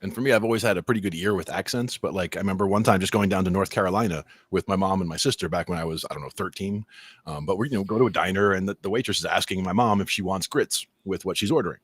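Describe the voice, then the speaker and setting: A man from New Jersey with a New Jersey accent, co-hosting a podcast in casual chat and telling lively stories. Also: sits low, very fast, breathy edge, dry recording. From New Jersey, USA. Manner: animated storyteller, acts out quoted voices. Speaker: podcast co-host.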